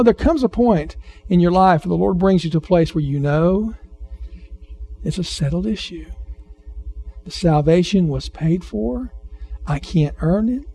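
A pastor preaches to his congregation in a warm, relaxed voice that sits a little high for a man. He talks to the people rather than at them, circling back to the same phrases and putting questions to the room. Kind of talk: sermon.

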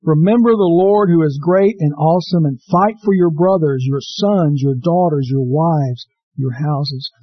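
High-voiced lively preacher man. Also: unhurried, hardly any pauses, dry recording, muffled recording. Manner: lively storytelling preacher, acts out quotes in raised voice. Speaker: pastor. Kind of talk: sermon.

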